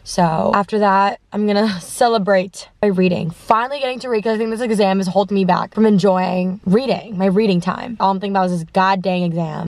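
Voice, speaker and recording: A woman's voice: mid-range voice, a little mellow. A young woman talking casually to her camera as a vlogger, chatty and emotional, laughing often. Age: young adult. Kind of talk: casual vlog chat. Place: car, dorm room.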